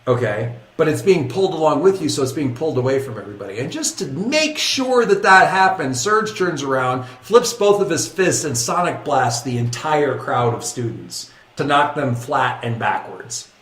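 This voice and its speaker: A man running a tabletop game as game master, narrating action in a lively, rambling way that keeps correcting itself. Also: mid-range voice, normal speed, hardly any pauses, reverberant.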